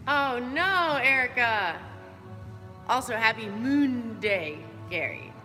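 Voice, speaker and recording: A woman's voice: fairly high pitch, animated, slow pace, bright, forceful tone. Chatty upbeat woman coaching in a gym. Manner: chatty, upbeat, greets viewers by name. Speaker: fitness coach leading a live workout. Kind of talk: live-stream chat while coaching. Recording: roomy hall reverb. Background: faint background music.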